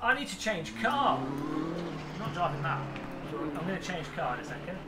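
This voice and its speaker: Guy streaming a racing game, kinda high voice, jokey chat, car noise behind. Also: animated, moderate pace. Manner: chatty, jokey, reads chat aloud. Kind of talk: live stream commentary while racing.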